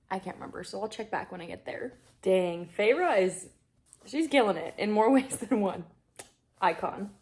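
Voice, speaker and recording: Woman gushing over a book as she reads, fairly high voice, slips into whispers sometimes. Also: darkish tone. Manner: gushing, reacting aloud while reading, dropping to whispers. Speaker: book vlogger. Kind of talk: reading vlog reactions.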